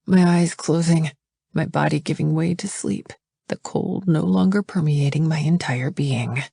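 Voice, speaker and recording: A woman narrating a first-person novel as an audiobook, reading quietly and intimately. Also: sits low, gravelly, slightly rough, no echo, studio quality.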